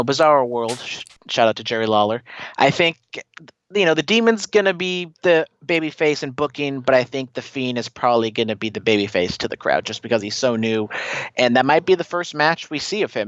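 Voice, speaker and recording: On a laid-back wrestling podcast, a male co-host rambles through opinionated runs, saying "you know" constantly. His mid-range voice has a slight brightness, with no room sound and the highs cut off.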